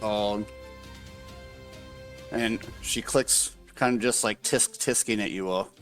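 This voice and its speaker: A man narrating as dungeon master, unhurried and hesitant with many pauses and fillers. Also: lowish voice, steady tone, fairly bright tone, faint music behind. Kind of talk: narrating a tabletop game.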